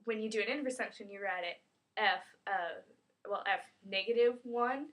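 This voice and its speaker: A woman's voice: mid-range voice, moderate pace, lo-fi sound. A woman co-hosting a playful homemade math lesson skit, stepping in to correct and finish her partner's sentences.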